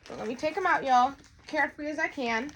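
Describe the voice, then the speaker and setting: A woman's voice: high voice, fast, a bit bright, a little hiss or hum. A woman, chatting to her viewers in an unboxing vlog, often repeating herself. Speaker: vlogger.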